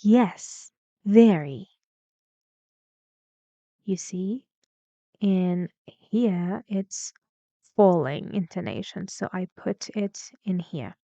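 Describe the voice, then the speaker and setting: A woman teaching English pronunciation, speaking slowly and deliberately and acting out sample sentences with exaggerated rising and falling pitch. Her first language is Persian. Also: mellow, no room sound, muffled recording. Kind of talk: slow, deliberate English lesson.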